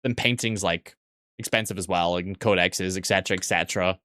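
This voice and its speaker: A young man chatting casually on a live stream, answering chat with quick asides, restarts and frequent swearing. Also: low-pitched, steady tone, a bit bright, dry recording, clean studio sound.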